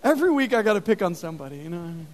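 A man preaching a sermon in an animated, conversational way, telling stories with many fillers. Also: high-pitched, very fast. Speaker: pastor. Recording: long reverb of a large hall.

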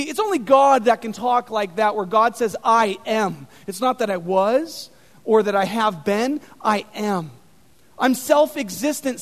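A man preaching an animated sermon, telling stories with dramatic emphasis. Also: extremely high pitch. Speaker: pastor. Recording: long reverb in a hall.

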